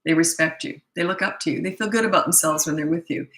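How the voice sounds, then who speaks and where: In a casual live Q&A, a middle-aged parenting coach takes viewer questions with blunt, emphatic and repetitive answers. She talks fast in a low-sitting, slightly bright voice, and the rough recording is reverberant.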